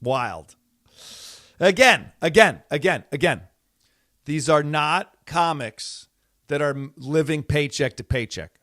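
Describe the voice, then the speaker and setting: A man's voice: fairly high pitch, expressive, takes it slowly, a bit bright, no room sound. Middle aged guy ranting on his podcast, lots of ums and restarts, dead dry mic. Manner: rambling, exasperated, many fillers and restarts. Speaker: podcast host. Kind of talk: casual monologue.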